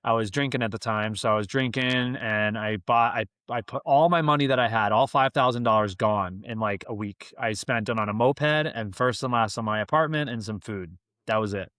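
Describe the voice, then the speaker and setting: A man's voice: lowish voice, normal speed, hardly any pauses, no echo. Slangy laid-back man with a dry sound. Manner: animated, slangy, says "man" and "dude" a lot. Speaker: guest. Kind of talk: casual storytelling.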